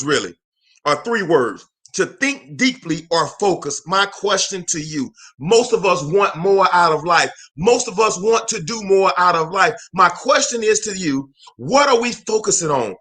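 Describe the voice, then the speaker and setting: A man hosting a live motivational talk alone in a room, energetic and emphatic, repeating phrases and calling out to viewers like a preacher. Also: sits high, moderate pace. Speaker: motivational speaker and show host.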